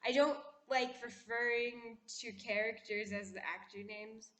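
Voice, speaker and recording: A woman vlogger chatting casually, putting on a poised, classy-sounding voice and talking in an opinionated, animated way. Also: a little high, measured pace. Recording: echoey room.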